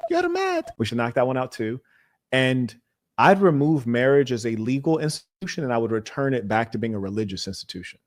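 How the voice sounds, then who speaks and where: A man hosting a confrontational call-in show, speaking in a measured way and talking over callers with repeated commands. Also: medium pitch. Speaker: host.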